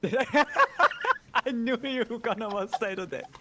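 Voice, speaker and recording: A man co-commenting a live stream and keeping score, laid-back and halting with fillers. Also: extremely high pitch, animated, background noise.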